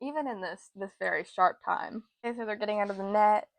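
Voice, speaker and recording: A woman's voice: medium pitch, fast talker, gravelly, no echo. A woman giving a casual book recap, chatty and loose, with lots of fillers and the odd swear. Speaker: book vlogger.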